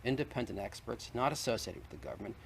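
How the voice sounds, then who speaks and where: A man of middle pitch argues persistently, laying out evidence point by point in a televised debate. Faint noise sits under the voice of this old 1960s TV recording. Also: fast, gravelly. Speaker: debate guest.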